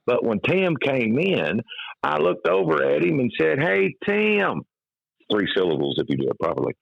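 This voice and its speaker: A man's voice: mid-range voice, sing-song, fairly quick, vocal fry, no echo, lo-fi sound. A middle-aged man from Kentucky with a trained radio voice, telling stories casually in an interview. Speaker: guest, comic hypnotist and former radio DJ.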